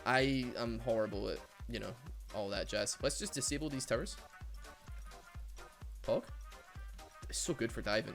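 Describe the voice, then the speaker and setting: A Glaswegian man talks through a game in a bright, forceful voice, his pitch sitting right in the middle. He is chatty and excitable, laughs a lot, and trails off into little fillers as he thinks aloud. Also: normal speed, vocal fry, pauses often, faint music behind. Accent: Glaswegian Scottish. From Glasgow, Scotland. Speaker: streamer. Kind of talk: casual gameplay commentary.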